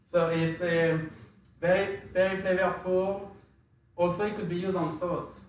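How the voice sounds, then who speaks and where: A man talks through spice blends in a loose, halting way, full of fillers and restarted phrases. His voice sits a little high and sounds distant, in a very echoey room with faint noise behind. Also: level tone. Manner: hesitant, many fillers and restarts. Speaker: spice expert presenter. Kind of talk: casual explanatory talk.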